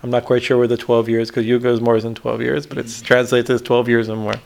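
A man, a swami, teaching on a devotional hymn, with many restarts and frequent "right?" checks, reciting Sanskrit lines slowly. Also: medium pitch, flat delivery, creaky, a little mellow. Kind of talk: spiritual discourse on a hymn.

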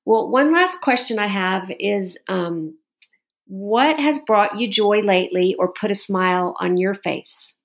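A woman interview host with an ordinary mid-range voice, speaking in an affirming, encouraging way. Her talk is casual and relaxed in tone. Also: medium pitch, measured pace. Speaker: podcast host.

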